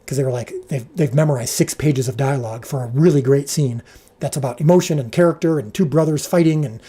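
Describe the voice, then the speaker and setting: A man who directs a show, telling an animated behind-the-scenes story on a livestream, full of restarts and fillers, his pitch leaping when he quotes people. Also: fast, breathy edge. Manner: frequent restarts and filler words.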